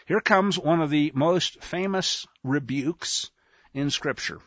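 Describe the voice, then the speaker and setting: A man's voice: a little high, slow pace, a bit bright, no echo, highs cut off. A man teaching scripture casually, with wry, chatty asides and acted-out dialogue. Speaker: Bible teacher.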